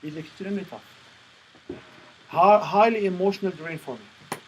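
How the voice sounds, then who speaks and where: A man's voice: high-pitched, moderate pace, darkish tone, muffled recording, slight background noise. A man coaching a sales presentation workshop, firm and emphatic as he lectures.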